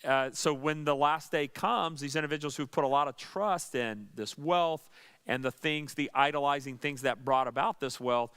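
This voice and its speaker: Pastor, male, earnest Bible teacher, slightly high, clear voice. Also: moderate pace, a bit bright. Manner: earnest, with dry sarcastic asides.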